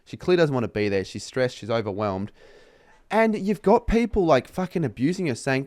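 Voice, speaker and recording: A man's voice: a little high, sing-song, brisk, a little mellow, dry recording, studio quality. A young man with an Australian accent ranting casually to camera about his retail job, swearing often and exasperated. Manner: sweary, exasperated, mocking customers in put-on voices. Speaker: vlogger.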